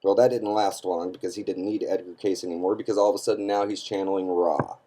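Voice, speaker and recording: A man's voice: deep voice, fairly even intonation, fast talker, mellow, a little hiss or hum. A man giving an emphatic, scornful opinion rant to camera, often checking in with his listeners by asking "okay?". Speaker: online commentator.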